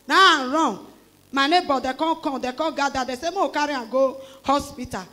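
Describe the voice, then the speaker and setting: A middle-aged church member speaking Nigerian Pidgin English-accented speech shares a heartfelt testimony in a high, fairly quick voice. Her telling is full of lively exclamations, and she mimics the voices of others.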